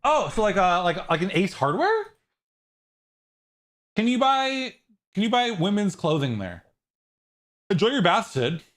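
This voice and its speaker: A man streaming a game, chatting casually and rambling, swinging from high squealing outbursts to low trailing mumbles, swearing freely. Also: unhurried, pauses often. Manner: rambling and excitable, jumping into high squeals and mock outrage. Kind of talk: casual livestream chat while gaming.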